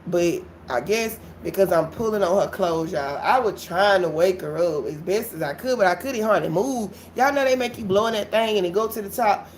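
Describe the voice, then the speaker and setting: Profane, animated woman live-streaming a story. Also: medium pitch, moderate pace, hardly any pauses, a little hiss or hum. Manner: animated, blunt and profane, addresses viewers as y'all. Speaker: livestreamer.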